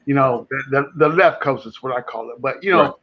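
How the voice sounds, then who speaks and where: A man co-hosting a casual sports chat, animated and rambling, with many restarts. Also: medium pitch, a little fast, lo-fi sound. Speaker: podcast co-host. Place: home.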